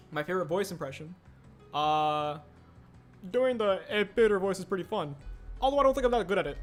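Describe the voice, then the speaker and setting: A man's voice: high voice, lively intonation, fairly quick, pauses often. A young man streaming casually, rambling and answering chat aloud as he builds. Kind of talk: casual livestream chat while building a set. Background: faint music.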